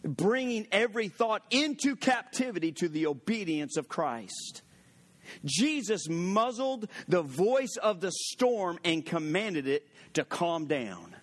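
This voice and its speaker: A male pastor with a notably high voice delivers a lively sermon. He mixes personal stories with scripture and rises in volume for emphasis, a preacher in his late thirties or forties. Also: takes it slowly. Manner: animated, storytelling preacher who gets loud for emphasis.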